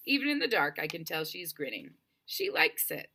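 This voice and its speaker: A woman narrating a first-person audiobook with expressive, wryly humorous storytelling. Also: sits low, moderate pace, creaky, few pauses.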